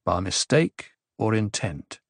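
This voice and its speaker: A man voicing a calm, cryptic male advisor in an audiobook, speaking in a measured, even, reasoning way. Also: on the low side, slightly rough, no echo, clean studio sound, full character voice. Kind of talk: audiobook character voice.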